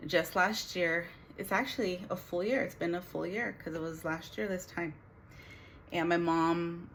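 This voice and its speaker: Middle-aged woman, vlogger, heartfelt halting storytelling, lowish voice, faint background noise. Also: creaky, a bit bright. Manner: earnest, halting, with many restarts and fillers. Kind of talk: emotional personal storytelling.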